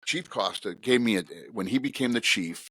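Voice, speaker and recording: A middle-aged man, a retired police officer, telling stories on a podcast in a casual, animated, profane way. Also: moderate pace, dry recording. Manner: animated, profane, swinging pitch while telling a story.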